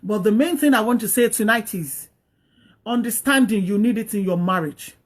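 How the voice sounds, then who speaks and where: A woman's voice: medium pitch, moderate pace. A woman hosting a talk, giving earnest, repetitive marriage advice and exhorting her listeners.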